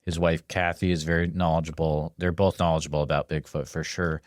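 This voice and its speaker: A man's voice: a bass voice, little pitch movement, fairly quick, dry recording. A man hosting a podcast interview, enthusiastic and stumbling over his words as he reacts to the guest. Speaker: podcast host. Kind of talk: casual interview.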